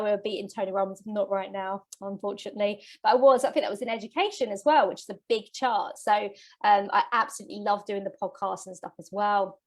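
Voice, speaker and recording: A woman business coach giving an earnest, motivational masterclass, getting emotional as she talks. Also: a little high. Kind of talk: live masterclass presentation.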